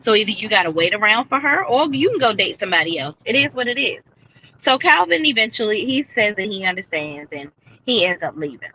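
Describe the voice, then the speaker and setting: A woman's voice: mid-range voice, big pitch swings, fairly quick, lo-fi sound, slight background noise. A woman recapping a TV episode live for viewers, blunt and opinionated, speaking into a headset mic. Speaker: TV show reviewer. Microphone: earbud headset.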